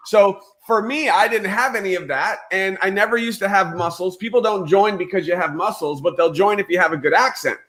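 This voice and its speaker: A man's voice: sits high, a little fast, a bit bright. A man hosting a live stream, talking enthusiastically as a network marketing coach giving motivational advice.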